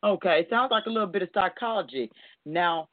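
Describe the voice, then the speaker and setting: A man's voice: high voice, expressive, fairly quick, no echo. Curious male interviewer on a phone line. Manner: curious, conversational, stammers at starts. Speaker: interviewer, host. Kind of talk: interview questions.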